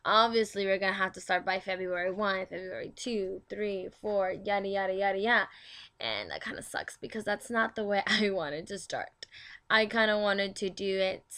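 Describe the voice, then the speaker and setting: Young woman host, bright tone, casual devotional read, chatty, trips over words. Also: medium pitch. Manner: chatty, stumbling over words while reading aloud.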